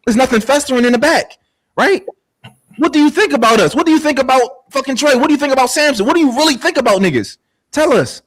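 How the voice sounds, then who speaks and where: A man's voice: very high-pitched, lively intonation, fast talker. A man arguing heatedly on a podcast panel, insistent and repeating himself to hold the floor.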